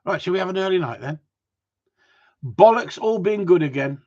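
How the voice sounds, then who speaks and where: Ranting dog trainer on a live stream. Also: male voice, high voice, animated, normal speed, darkish tone, dull audio. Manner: chatty, ranting, swears casually. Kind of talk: casual live-stream chat reading viewer comments.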